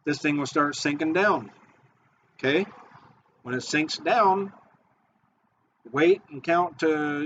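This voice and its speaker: A man who makes fishing baits and guides charters, giving an excited, repetitive how-to talk. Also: fairly high pitch, a little hiss or hum. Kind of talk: casual how-to video talk. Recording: dull lo-fi audio.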